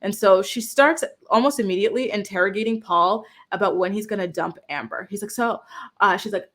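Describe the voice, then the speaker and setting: A woman hosting a reality TV recap, talking casually to camera in an animated, chatty way and acting out what people said. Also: medium pitch, fairly quick. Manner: animated, chatty, acts out quotes with lots of "like".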